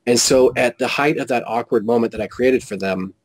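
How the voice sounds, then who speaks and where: A man telling a personal story as an interview guest, animated and quoting whole conversations with frequent restarts. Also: mid-range voice, a little fast, rough recording. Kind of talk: casual storytelling.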